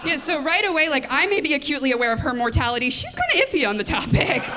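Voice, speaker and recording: A woman in her twenties doing a live stand-up set on a comedy club stage. She talks quickly, with a self-deprecating tone, giggles often, and chats with the audience through a handheld mic. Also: sits high, very animated, background noise. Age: 20s.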